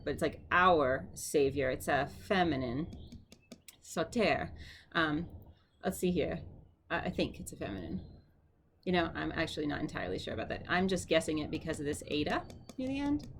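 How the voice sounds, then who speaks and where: A middle-aged woman giving a casual home lesson on vocabulary, chatty and repeating each word slowly for practice. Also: sits low, fairly bright tone, slight background noise. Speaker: Greek vocabulary teacher.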